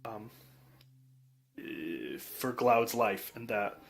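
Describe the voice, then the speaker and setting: A man's voice: on the low side, very slow, gravelly. A man narrating a tabletop game as game master in a voice chat, easygoing and descriptive.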